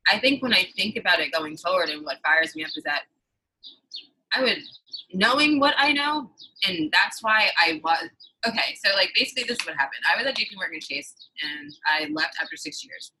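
A woman's voice: fairly low pitch, expressive, moderate pace, sharp tone, slight background noise, low-quality recording. A woman in her thirties from the New York City suburbs, talking in a heated, emphatic way and swearing freely in a casual conversation. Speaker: guest.

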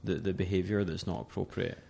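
A man who is a podcast guest, speaking thoughtfully and haltingly, restarting his sentences often. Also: low-pitched, level tone, vocal fry, warm tone, husky. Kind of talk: casual conversation.

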